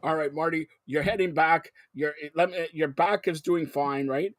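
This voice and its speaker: A male host on a live sports talk show, excitable and jumping between topics with loud outbursts. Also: fairly high pitch, normal speed, no room sound, clean studio sound.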